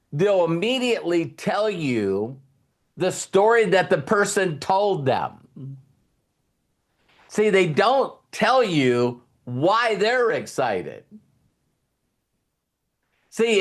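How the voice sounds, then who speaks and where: A man's voice: sits high, slow. A middle-aged man giving a motivational talk who keeps acting out little conversations as he goes. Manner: animated, acts out little dialogues. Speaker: motivational speaker.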